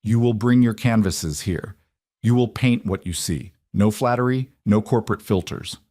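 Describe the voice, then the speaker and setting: A man voicing a commanding, possessive male CEO who speaks low and controlled, in a dry recording. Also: moderate pace, warm tone, no echo, natural voice.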